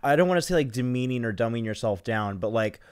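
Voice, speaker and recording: Man, casual talk-show host, smooth clean voice, dry sound. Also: mid-range voice, lively intonation, quick pace, no room sound. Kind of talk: casual chat.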